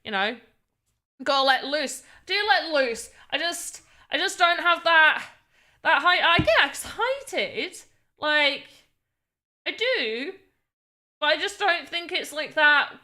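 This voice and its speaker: Bright-voiced tired British woman streamer. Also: high voice, expressive, takes it slowly. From Britain. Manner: rambling, self-deprecating, often restarts words. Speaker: livestreamer. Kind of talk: casual live-stream chat.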